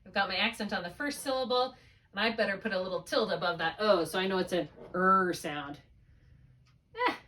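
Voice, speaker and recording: A woman's voice: medium pitch, a little fast, a bit bright, distant mic. A woman tutoring one student in spelling, patiently thinking aloud through each step. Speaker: reading tutor.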